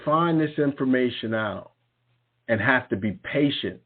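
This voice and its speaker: A man's voice: mid-range voice, animated, unhurried, husky. A male talk show host giving a fiery, mocking monologue and repeating phrases for emphasis. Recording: tinny phone-like sound.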